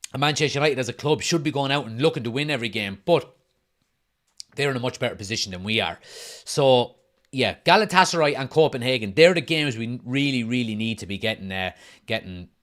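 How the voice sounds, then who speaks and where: A man's voice: mid-range voice, a bit bright. A man, hosting a casual football watch-along from his front room at home, chatting and reading out viewer comments. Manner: chatty, reads out viewer comments, laughs often. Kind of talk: casual live-stream chat.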